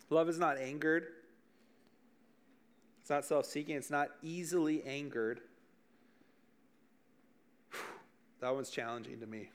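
Joking youth pastor, slightly high voice. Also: male voice, normal speed, pauses often. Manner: joking, conversational, addresses the room directly. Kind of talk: casual youth sermon.

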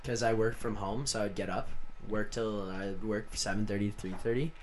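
A man's voice: fairly low pitch, fairly even intonation, normal speed, a little hiss or hum. A young man co-hosting a podcast, easygoing in casual chat. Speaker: podcast co-host.

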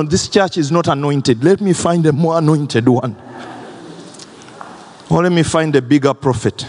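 High-voiced man preaching in a reverberant hall. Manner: impassioned preaching, swinging between high and low registers. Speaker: pastor. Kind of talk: sermon. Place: large church hall. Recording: long church reverb.

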